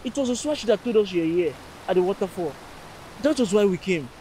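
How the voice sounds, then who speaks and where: A man's voice: sits high, animated, fast talker, mellow, slight background noise, low-quality recording. A man with a Nigerian accent in a film drama, speaking apologetically. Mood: pleading. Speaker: friend.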